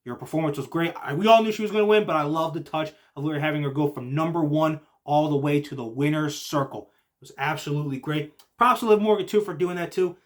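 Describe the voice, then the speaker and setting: A young man hosts a casual show and recaps wrestling in an excitable, rambling way, full of fillers like "like" and "literally". His voice sits a little high for a man. He drops to low muttering, then jumps to shouting. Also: fast. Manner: heavy use of filler like "like" and "literally". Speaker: podcast host.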